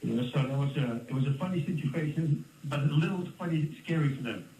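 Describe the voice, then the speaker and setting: A Dutch man in his fifties telling stories in a casual interview, animated and laughing often. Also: fairly high pitch, fairly quick. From Netherlands. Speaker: interview guest, former fighter. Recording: roomy, distant mic with faint ambience.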